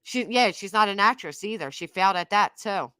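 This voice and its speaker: A woman's voice: mid-range voice, lively intonation, brisk, bright, forceful tone, clean tone, dry recording, clean studio sound. A middle-aged woman hosting a reaction commentary, sarcastic and scornful, repeating herself for emphasis. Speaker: commentary channel host.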